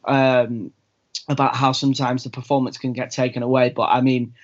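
A host chats with his guest in an eager, friendly way, often restarting his sentences. His voice sits at an average pitch, and the recording is a little dull. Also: little pitch movement, normal speed. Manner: chatty, stumbling restarts. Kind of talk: casual chat.

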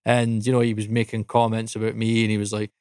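A man from Dundee with a Scottish accent, co-hosting a podcast and telling a casual story, animated and swearing freely. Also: lowish voice, quick pace, clean tone, dry recording, clean studio sound. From Dundee, Scotland. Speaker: podcast co-host.

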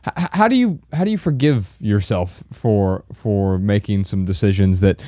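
A man's voice: fairly low pitch, animated, normal speed, mellow, dry recording, studio quality. A man hosting a podcast, reflecting casually and reading out listener questions. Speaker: podcast host.

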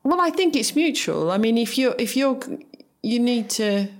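A woman's voice: fairly high pitch, lively intonation, moderate pace. A young adult woman in casual conversation, frank and opinionated, laughing often as she tells stories. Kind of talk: casual chat.

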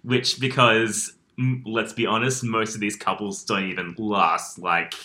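A man's voice: on the low side, little pitch movement, unhurried, bright, forceful tone. A young man co-hosting a casual podcast chat, giggly and playful. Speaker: podcast co-host.

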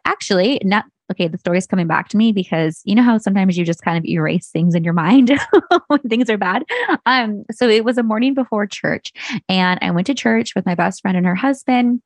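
A woman's voice: mid-range voice, no echo. A woman in her thirties, a podcast host and business owner, telling a story in a chatty, rambling way, full of fillers and restarts. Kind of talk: casual solo storytelling.

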